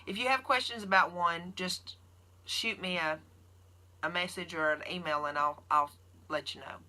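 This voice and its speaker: A woman's voice: fairly low pitch, normal speed, sharp tone. A woman with a Southern US accent, chatting casually on a livestream and answering viewer questions as a keto nurse.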